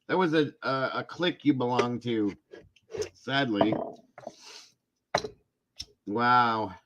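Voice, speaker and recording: Slow-talking man with a bright voice. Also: mid-range voice, lo-fi sound, slight background noise. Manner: breaks into long fits of laughter, apologetic, chatty. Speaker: livestream host chatting with viewers. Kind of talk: casual live chat.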